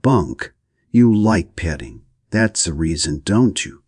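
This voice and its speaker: A man voicing a blunt, impatient young woman in an audiobook reading, talking roughly and curtly. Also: low voice, animated, slow, darkish tone, no echo, studio quality, exaggerated voice. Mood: scornful. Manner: rough, curt, scornful.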